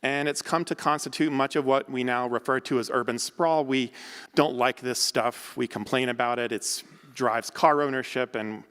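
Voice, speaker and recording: Fast-talking American man lecturing in a hall. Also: mid-range voice, steady tone, a bit bright, clean tone. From United States. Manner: quick, loose delivery with frequent ums and uhs. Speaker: architect and academic lecturer. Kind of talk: conference lecture.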